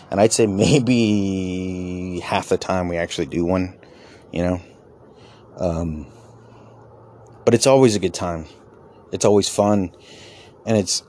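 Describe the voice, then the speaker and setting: Pausing often and speaking a little slowly, this man has a low, warm voice. He's a stand-up comic and podcaster with children, reflecting casually in a rambling, candid style with casual swearing.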